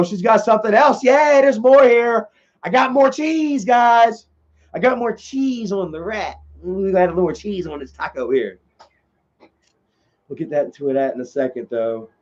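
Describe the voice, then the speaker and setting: A man's voice: high voice, muffled recording. A man hosting a livestream, chatting casually and reading out viewer comments in a rambling way with many filler sounds. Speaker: livestream host.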